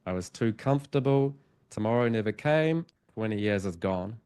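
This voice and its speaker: A man with a fairly low voice speaks as a podcast guest, recounting a personal experience in an earnest, reflective way. He laughs easily, and emotion sometimes catches in his voice. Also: animated, normal speed, a little mellow, smooth. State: emotional, choked up. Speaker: hypnotherapist guest. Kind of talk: conversational storytelling.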